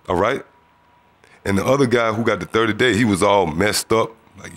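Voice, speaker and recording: A man's voice: on the low side, normal speed. A man telling a religious testimony in a casual storytelling way, acting out the voices of other people. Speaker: testimony speaker.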